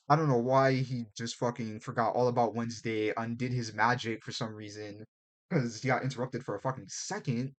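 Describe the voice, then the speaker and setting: A man co-hosting a casual podcast, speaking at an ordinary middle pitch. He rants about a show's plot in loose, profane, animated chat. He drops into quick mock voices for the characters. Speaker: podcast co-host.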